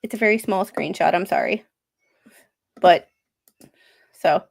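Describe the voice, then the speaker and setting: A woman's voice: lowish voice, measured pace, creaky. A woman hosting a casual livestream, reading a court filing aloud with sarcastic asides and frequent fillers. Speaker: livestream host.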